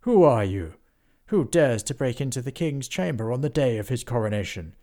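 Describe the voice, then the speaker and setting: A man's voice: mid-range voice, lively intonation, mellow, lightly acted. A man playing a stately young king. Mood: commanding. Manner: stately, measured.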